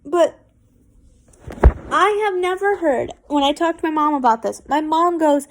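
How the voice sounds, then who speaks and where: A late-teen young woman reads fanfiction aloud at a slow, halting pace, her voice sitting fairly high. She stumbles, restarts and breaks into embarrassed, giggly asides. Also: a little hiss or hum. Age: late teens. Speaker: fanfiction reader. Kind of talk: amateur reading of fanfiction aloud.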